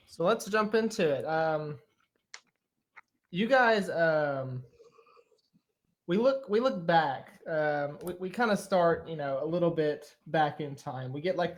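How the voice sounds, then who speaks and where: A man narrating a tabletop game as game master, rambling with many fillers. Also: on the high side.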